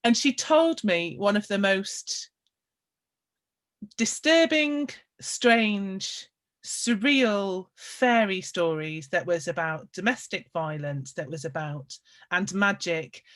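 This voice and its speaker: A woman, a storyteller hosting a conversation, reflecting aloud in a casual, animated way. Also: medium pitch, slow pace. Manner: animated, acts out quoted voices, thinks aloud.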